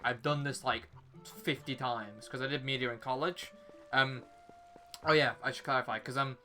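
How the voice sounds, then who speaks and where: A man's voice: medium pitch, bright, forceful tone. A young man streaming a game, chatting casually and rambling to his viewers, sniffly from a runny nose. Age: young adult. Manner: chatty, rambling, talks to chat and game character. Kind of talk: casual live-stream chat.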